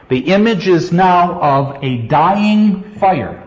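A male literature teacher lecturing a class on poetry, putting questions to the students and reading verse lines slowly. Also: fairly high pitch, very animated, darkish tone. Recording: echoey hall, dull lo-fi sound.

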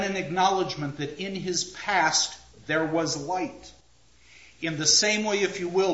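A man lecturing on poetry, reading lines aloud slowly and stressing each beat. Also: sits high, a bit bright. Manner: slow, deliberate, reads lines aloud with stressed beats. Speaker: literature lecturer. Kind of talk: close reading of verse, lecture. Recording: roomy, slightly dull audio.

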